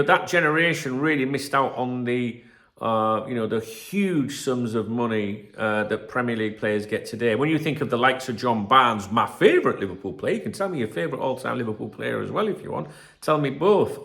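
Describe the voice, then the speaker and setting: A man in his fifties talks straight to camera as the host of his own football channel. His voice sits at an ordinary middle pitch. He rambles in a loose, chatty way, tossing in asides, checking in with his viewers and dropping the occasional swear word. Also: vocal fry, a bit bright. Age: 50s. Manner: rambling, chatty, peppered with "you know what I mean" and swearing. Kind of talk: casual to-camera commentary.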